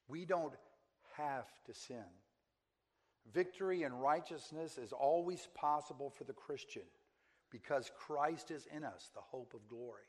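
An earnest man preaching to a congregation in an ordinary middle-pitched voice. He repeats his key phrases for emphasis and keeps checking in with a quick question to his listeners. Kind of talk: sermon.

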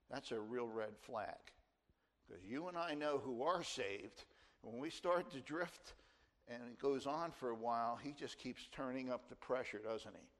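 An older man in his sixties delivers a sermon from the pulpit. His voice sits at an ordinary middle pitch, and he pushes his key phrases up with earnest, emphatic stress. He comes from New Jersey. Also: fairly bright tone. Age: 60s. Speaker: pastor.

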